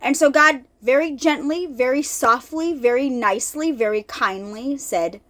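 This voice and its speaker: A woman talking casually about the Bible to her viewers, animated and chatty, often repeating herself and calling the audience y'all. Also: sits high, measured pace. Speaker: faith vlogger. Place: lives in an RV.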